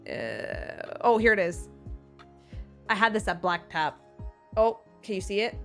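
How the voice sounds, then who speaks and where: A woman streamer chatting casually with her viewers, bubbly and effusive, reacting to chat as she tells stories. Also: on the high side. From Seattle area.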